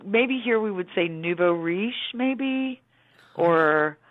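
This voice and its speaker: A woman's voice: fairly low pitch, expressive, slow, dry recording. Chatty American woman on a phone line. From United States. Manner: chatty, laughing, acts out quotes. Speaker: actress guest. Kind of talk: casual interview chat.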